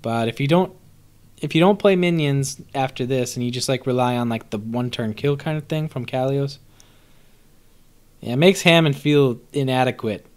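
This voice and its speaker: A young man giving casual, animated live-stream commentary on a card set, joking, swearing and answering his chat. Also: medium pitch, moderate pace.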